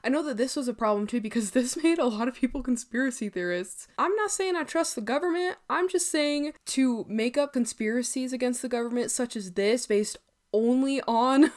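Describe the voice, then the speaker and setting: A young woman chatting casually while doing her makeup, animated and giggly as she reacts to a documentary. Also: on the high side. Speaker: vlogger.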